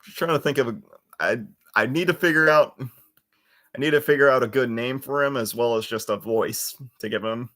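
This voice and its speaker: Bright-voiced young man rambling. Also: medium pitch, moderate pace. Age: 20s. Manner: rambling, with restarts and trailing fillers. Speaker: livestream host. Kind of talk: casual livestream chat. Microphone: computer webcam mic.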